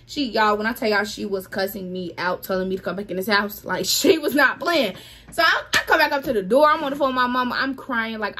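A young woman with a slightly high voice tells a story to her viewers in a casual vlog. She is animated and dramatic in the retelling and keeps turning to the audience. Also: fairly quick. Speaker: vlogger.

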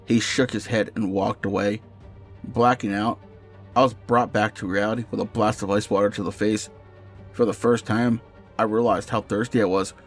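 A man narrating a first-person horror story in a steady storytelling voice over faint music. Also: lowish voice, normal speed.

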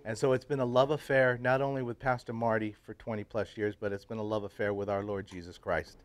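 A man in his fifties, a church pastor, casually telling his life story to a men's breakfast group, swinging from loud, laughing bursts to quiet, earnest stretches. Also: lowish voice, fairly even intonation, a little fast. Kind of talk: casual personal testimony talk. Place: live talk to a roomful of men at a breakfast.

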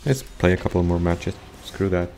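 A man playing a card game online, grumbling and swearing at it, at times yelling in frustration. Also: deep voice, normal speed, slight background noise. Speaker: gamer streaming a card game. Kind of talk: angry gameplay commentary.

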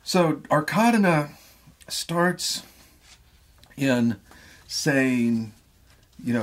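A middle-aged man, a theatre professor, lecturing on a play in a deliberate, thoughtful way, often repeating words as he thinks. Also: mid-range voice, big pitch swings, breathy edge.

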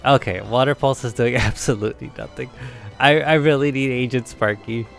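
A man's voice: medium pitch, fairly even intonation, moderate pace, gravelly, soft background music. A man giving casual let's play commentary, chatty, laughing often and talking to himself. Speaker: game streamer.

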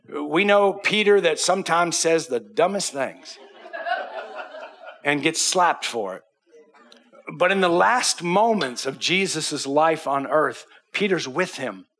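A man delivers a sermon as a pastor, his voice bright and a little husky. He sits somewhat high for a man. When he quotes Bible figures, he drops to a hushed near-whisper.

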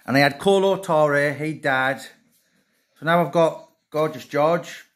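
A man's voice: on the high side, a little slow. A middle-aged man rambling emotionally to his phone camera in a casual monologue, mocking himself as he goes.

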